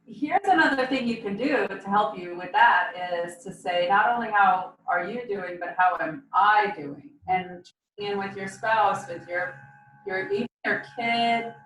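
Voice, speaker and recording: A woman's voice: medium pitch, a little slow, fairly bright tone. A woman guest in a casual podcast interview, speaking thoughtfully in a loose, reflective way. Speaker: interview guest, marketing manager. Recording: echoey, distant, faint background noise.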